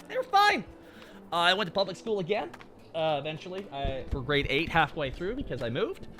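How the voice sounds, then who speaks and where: A man's voice: sits high, bright, forceful tone. A young man, telling a story casually on stream in a profane, rambling way.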